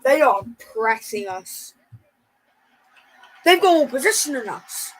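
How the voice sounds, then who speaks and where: A woman's voice: high-pitched, lively intonation, takes it slowly, long pauses, poor audio. A woman hosting a live football watchalong, pleading and fretting anxiously as she reacts to the match. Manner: anxious, pleading fan chatter. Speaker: livestream watchalong host.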